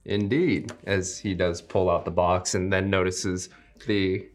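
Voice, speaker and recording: A man playing a tabletop game in a laid-back, casual way. His voice is low and his delivery slow and easy. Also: little pitch movement, a little hiss or hum. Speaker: player. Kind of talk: tabletop role-play.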